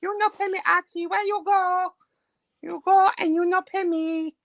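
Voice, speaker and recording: A man putting on a shrill clingy woman. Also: fairly even intonation, normal speed, vocal fry, a bit bright, no echo, exaggerated voice. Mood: whiny. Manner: squeaky, pleading, clingy. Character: shrill flirty woman in broken English.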